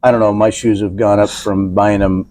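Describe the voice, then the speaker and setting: A man's voice: fairly low pitch, flat delivery, moderate pace, a little mellow. A man co-hosting a podcast, talking casually and rambling with many restarts. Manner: rambling, hesitant, frequent fillers and restarts. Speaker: podcast co-host. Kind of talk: casual chat.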